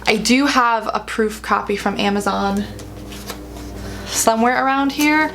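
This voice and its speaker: A young woman chatting to camera at home as an author vlogger, bubbly and chatty, gushing with excitement over her new book. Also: a little high, measured pace, vocal fry, faint music behind. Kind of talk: casual chat to camera.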